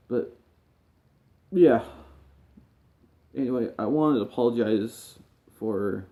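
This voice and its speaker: A man, a gaming streamer, speaking to camera while grieving and near tears. He talks in a halting, emotional way and often trails off quietly. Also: medium pitch. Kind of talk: personal talk to camera.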